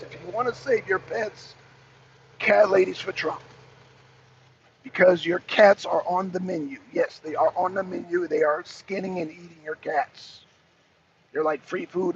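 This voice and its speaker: A man's voice: high voice, vocal fry, muffled recording, a little hiss or hum. A man hosting his own channel, delivering a profane, repetitive, riled-up commentary monologue. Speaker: channel host.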